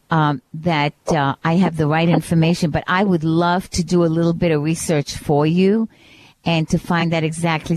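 A woman from Brooklyn co-hosting a radio talk show, asking callers clear, encouraging questions. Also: on the low side, darkish tone. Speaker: co-host.

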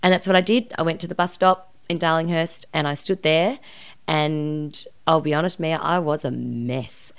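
A woman's voice: low voice, moderate pace, clear, resonant tone. An Australian woman in her forties, a guest telling a personal story openly and reflectively in a podcast interview. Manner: earnest and reflective, recounting emotional events openly. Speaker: guest, actress.

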